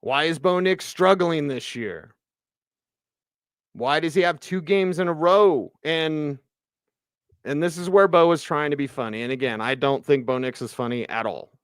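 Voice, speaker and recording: A man hosting a postgame sports radio show, ranting with animated exasperation and sarcastic asides. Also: on the high side, moderate pace, smooth, no room sound, clean studio sound. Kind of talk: postgame sports talk monologue.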